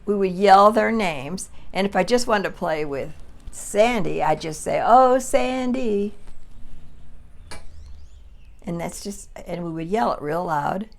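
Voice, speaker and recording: A woman's voice: fairly low pitch, normal speed, vocal fry. A woman in her eighties reminiscing in a chatty, rambling way on her front porch for a vlog. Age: 80s. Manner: chatty, rambling, calls out names in a sing-song. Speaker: vlogger.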